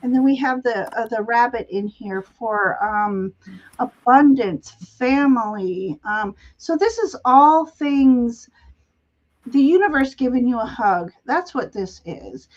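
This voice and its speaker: A woman host giving a live tarot reading, speaking gently and laughing often between phrases, on dull lo-fi livestream audio. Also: fairly high pitch, animated, takes it slowly. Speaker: tarot reader and show host.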